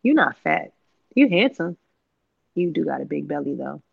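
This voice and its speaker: Gravelly, slangy parent telling stories. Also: mid-range voice, moderate pace, dry recording, narrow, tinny audio. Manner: animated, laughing, slangy, acts out family dialogue. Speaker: podcast host. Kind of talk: casual storytelling chat.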